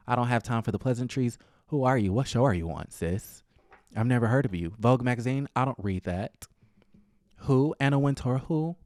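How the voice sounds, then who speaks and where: A man runs a celebrity gossip vlog, offering sassy, dramatic commentary on reality TV with playful asides. His voice is medium-pitched and clean, recorded with studio quality and no echo.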